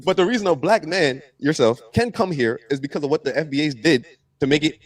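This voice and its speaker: A man's voice: on the high side, brisk, no echo, clean studio sound. A man co-hosting a panel debate who challenges and pushes back on a guest. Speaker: podcast co-host.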